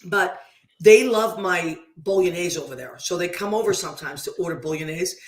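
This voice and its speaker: A woman's voice: lowish voice, normal speed. Chatty woman radio host in a roomy space. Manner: chatty and effusive, gives shout-outs. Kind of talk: casual radio chat.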